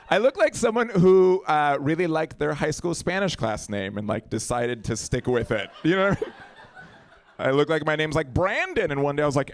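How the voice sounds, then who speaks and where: A young man from Colombia doing a stand-up comedy set on a club stage into a handheld mic, hosting the night and jumping into quick voices and impressions. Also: a little high. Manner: animated, jumps into voices and impressions.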